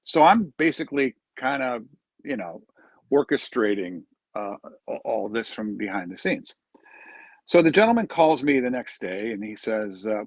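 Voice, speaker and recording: Husky man telling a story. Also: medium pitch, normal speed, dry recording. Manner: earnest, animated storyteller, acts out quoted dialogue. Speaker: charity founder, interview guest. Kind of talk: storytelling in an interview.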